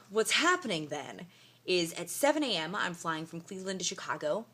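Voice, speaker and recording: Speaking briskly in a lowish voice, a young woman records a casual vlog from her hotel room. Her story comes out tired and emotional but animated, packed with "like" and "you know."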